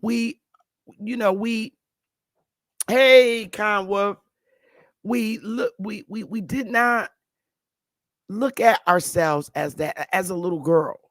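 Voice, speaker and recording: A woman in her fifties speaks slowly and loosely to her online viewers, circling back on her words with many restarts and fillers. She talks at a mid pitch in a dry, close-sounding room. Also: no room sound. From northern United States. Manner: rambling, with frequent restarts and fillers. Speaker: YouTube commentator. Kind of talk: casual monologue.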